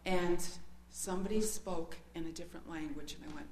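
An earnest woman with a slightly low voice tells her personal testimony, hesitant and emotional as she recounts it. She speaks in an echoey room with a faint hum behind her. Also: a little fast, darkish tone.

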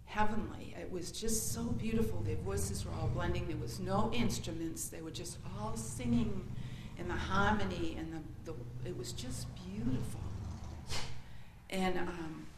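An earnest woman with a slightly low voice tells her personal testimony, hesitant and emotional as she recounts it. She speaks in an echoey room with a faint hum behind her. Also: moderate pace, few pauses.

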